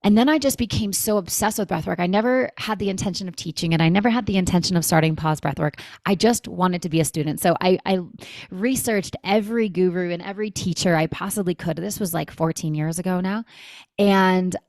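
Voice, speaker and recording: A woman in her thirties telling a personal story as a podcast guest, animated, acting out quoted dialogue with lots of "like". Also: lowish voice, fairly quick, no echo, clean studio sound. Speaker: guest, breathwork company founder. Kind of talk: conversational storytelling.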